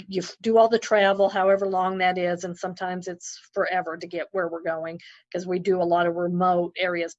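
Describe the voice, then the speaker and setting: A woman guest on a video-call interview, a missionary telling lively stories and acting out her own remarks. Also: on the low side, dry recording. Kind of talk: casual interview. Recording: slightly dull lo-fi audio.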